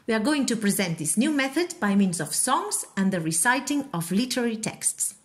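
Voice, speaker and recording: Woman lecturer, fairly high voice. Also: animated. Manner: measured, explanatory. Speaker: university lecturer. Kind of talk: scripted course presentation.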